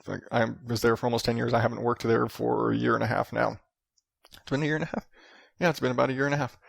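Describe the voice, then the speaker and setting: A man's voice: medium pitch, little pitch movement, very fast, creaky, no echo, studio quality. A man in his thirties hosting a solo podcast, ranting and rambling with lots of swearing. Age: 30s. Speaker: podcast host.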